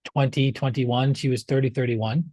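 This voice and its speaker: A man's voice: medium pitch, steady tone, moderate pace, dark tone, dry recording. A man in his forties, a guest in an interview, telling a personal story in a casual way and acting out past conversations.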